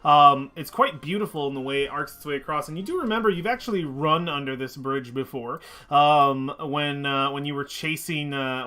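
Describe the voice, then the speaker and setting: A man's voice: mid-range voice, bright, forceful tone. A man narrating a tabletop game as game master, hesitant and full of restarts. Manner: halting, many fillers and restarts.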